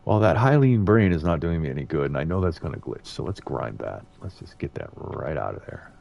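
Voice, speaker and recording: A man's voice: very deep voice, very animated, fairly quick, gravelly, dull audio. A middle-aged man from the United States giving rambling, casual commentary as he streams a game and chats to viewers. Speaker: gaming streamer.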